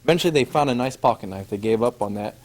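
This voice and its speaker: A man telling a personal travel story to an audience, animated and acting out scenes, laughing at his own tale. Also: medium pitch, very fast.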